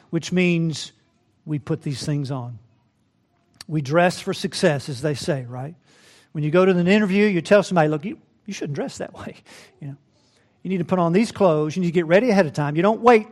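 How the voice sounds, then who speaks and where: A man preaching a sermon, who rises to loud emphatic peaks and drops to soft asides, calling listeners beloved and asking "right?". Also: high-pitched. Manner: addresses listeners as beloved, asks rhetorical "right?". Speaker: pastor.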